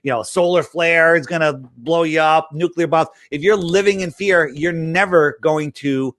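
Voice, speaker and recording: A man in a casual interview with a slightly high voice, close and dry with no room sound. He tells rambling stories and acts out what other people said, full of restarts. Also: moderate pace, no room sound. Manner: animated storyteller, acts out quoted dialogue. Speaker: interview guest promoting his app.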